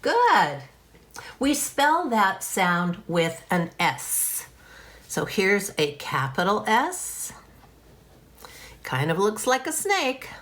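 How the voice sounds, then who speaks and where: A woman teaching a kindergarten phonics lesson, speaking clearly and encouragingly and drawing out the sounds. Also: medium pitch, big pitch swings, very slow, long pauses, fairly bright tone. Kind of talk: phonics lesson for young children.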